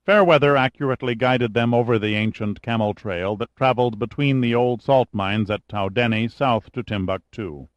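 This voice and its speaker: A man narrating an adventure audiobook in a steady, even reading voice at a middle pitch. The recording is close and very dry, with no room echo at all. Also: moderate pace, few pauses.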